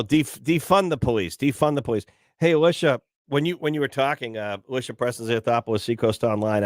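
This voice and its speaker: A man hosting a morning radio talk show, telling stories in a chatty, animated way with many restarts. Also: mid-range voice, no room sound, clean studio sound. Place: radio studio.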